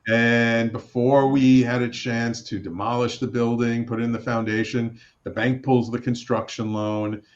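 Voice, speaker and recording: A middle-aged man, a radio network producer and host, telling his story in a casual interview, animated and acting out the voices he quotes, with many restarts. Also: on the low side. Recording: slightly dull lo-fi sound.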